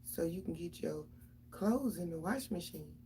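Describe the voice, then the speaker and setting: A woman's voice: on the low side, expressive, normal speed, mellow, slight background noise. A middle-aged mother, venting casually and profanely straight to her viewers about her kids.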